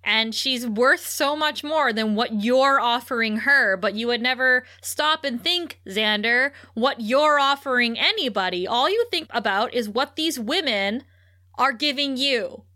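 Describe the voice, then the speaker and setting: Woman podcast cohost, higher-pitched, animated and profane casual recap. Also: measured pace. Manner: animated, swears freely, acts out quotes. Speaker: podcast co-host.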